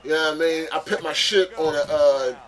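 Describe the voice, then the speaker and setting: A young man telling a long personal story in a casual vlog, full of street slang and cursing. His voice sits slightly high for a man. He stays animated, breaking into high shouts for emphasis. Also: a little fast.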